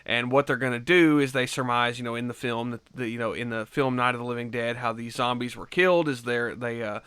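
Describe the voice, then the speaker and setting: A man's voice: medium pitch, steady tone, a little fast, fairly bright tone, smooth, no echo. A man giving a casual film review, rambling through the plot with lots of fillers and swearing. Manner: loose rambling retelling full of fillers and swearing.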